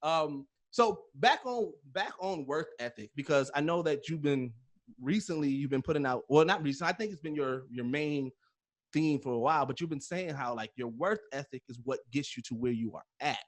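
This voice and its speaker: Chatty host guy, slightly high voice, tells stories with lots of play-acted quotes. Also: moderate pace. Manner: animated storyteller, laughs easily, acts out his own reactions. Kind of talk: casual interview chat.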